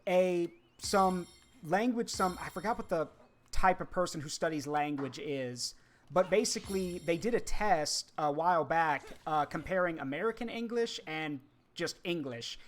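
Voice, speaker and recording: A man's voice: on the high side, animated, normal speed, a little hiss or hum. A man streaming a video game with friends, chatting casually and rambling with lots of fillers. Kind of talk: casual gaming chat.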